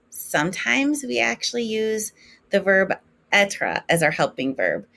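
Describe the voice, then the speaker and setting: A woman teaching a French lesson in English, slowly modeling each French form for her students to repeat. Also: on the low side, fairly bright tone. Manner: slow, clear modeling of French forms for repetition. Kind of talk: recorded classroom lesson.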